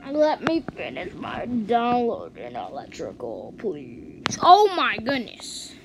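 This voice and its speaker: A woman giving casual gameplay commentary, chatting and reacting out loud to each round as the channel's host. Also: on the high side, huge pitch swings, slow, creaky. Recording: noisy home recording.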